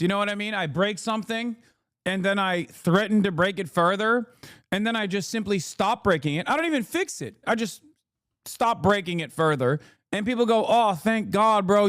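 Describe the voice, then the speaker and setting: Man, high voice, streamer, casual political rant, sarcastic, profane, dry sound. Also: fairly bright tone, no echo. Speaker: streamer host.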